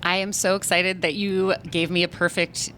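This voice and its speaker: An American woman hosting a casual interview. Her voice sits a little low. She asks her questions in an eager, chatty way. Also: little pitch movement, normal speed, fairly bright tone, slight background noise, poor audio. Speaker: interview host.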